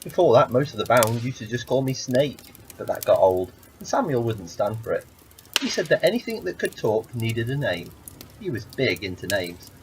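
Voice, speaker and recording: A man's voice: mid-range voice, very animated, moderate pace, a little hiss or hum. A talking rattlesnake lays out the rules patiently, with a dry joke never far away, voiced by a man. The delivery rises and falls freely, like a storybook reading. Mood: wry. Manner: patient, explaining and dryly joking. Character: calm, wry talking rattlesnake who grants wishes.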